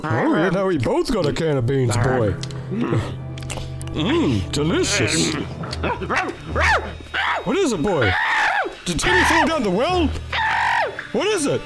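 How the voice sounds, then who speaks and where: A man's voice: high voice, full character voice. A man voicing a dim, easily confused male toy monster in a goofy manner. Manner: goofy, talks to the dog in a silly voice. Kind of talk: comedy skit voice acting.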